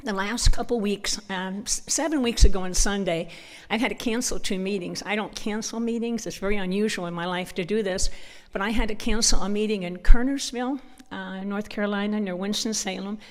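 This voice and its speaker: Speaking a little fast in a mid-range voice with few pauses, this woman from the northern United States addresses a church conference. Her talk is casual and chatty, built from personal stories, and she laughs often.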